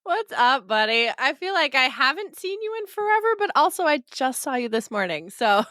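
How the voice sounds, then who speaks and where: A giggly, animated woman co-hosts a running podcast in relaxed chat, laughing often. A head cold leaves her voice a little nasal, and the sound is dry and close. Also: high voice, normal speed, no echo. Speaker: podcast co-host. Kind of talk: casual chat.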